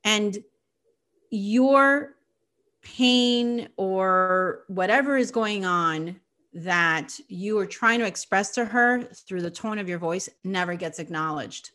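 A middle-aged woman giving a reflective explanatory talk on psychology in a measured, gentle way, often pausing with filler phrases. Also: mid-range voice.

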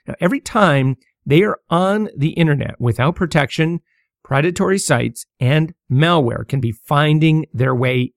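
A man's voice: a little high, vocal fry, no room sound, studio quality. A middle-aged man hosting a casual solo podcast, talking with many fillers, stammers and restarts. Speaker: podcast host.

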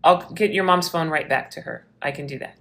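A woman's voice: low voice, fairly quick, creaky, fairly bright tone. A woman police officer telling a story from her work in an interview, acting out the quoted lines.

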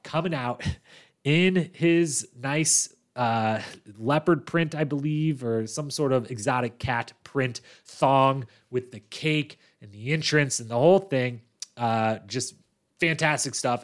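Chatty man hosting a recap podcast. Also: medium pitch. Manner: chatty, animated storytelling with quick asides. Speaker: podcast host.

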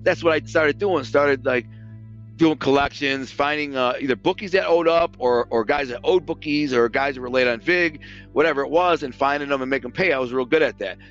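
A man's voice: medium pitch, a little fast, fairly bright tone, highs cut off, soft background music. A man casually recounting his past in a streetwise, profane way, acting out what other people said. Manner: streetwise, profane, re-enacts quoted speech. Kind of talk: casual storytelling.

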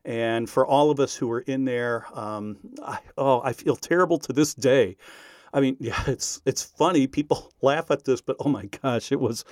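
A man recounting a personal story in an animated, self-deprecating way. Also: mid-range voice, moderate pace, no echo, clean studio sound. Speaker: radio speaker.

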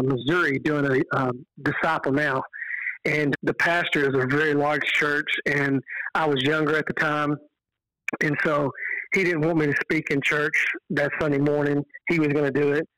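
A man from Texas with a Texan accent, a podcast guest telling stories in an earnest, animated way. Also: fairly high pitch, no echo, low-quality recording. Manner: earnest, animated storyteller who quotes dialogue. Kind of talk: casual storytelling on a podcast.

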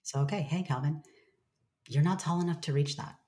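A woman's voice: low voice, brisk, dark tone. A woman speaking as a guest in a candid, reflective conversation, swearing casually and acting out her own inner voice.

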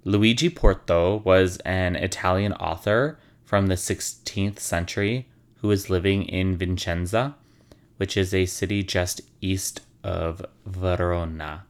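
A man with a low voice and fairly even intonation hosts at a slow pace. He tells stories casually, in a wry, sarcastic way, swearing freely.

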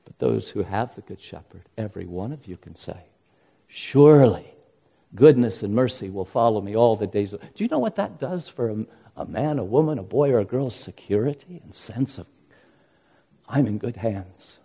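Earnest preaching pastor, mellow tone. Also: male voice, on the low side, expressive, normal speed, creaky, slightly rough. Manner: earnest preaching, rising to impassioned emphasis. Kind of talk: sermon.

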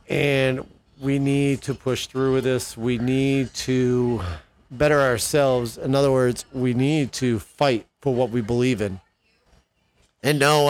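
A man hosting a political commentary show, delivering an impassioned opinion monologue with indignant questions to his listeners. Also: medium pitch.

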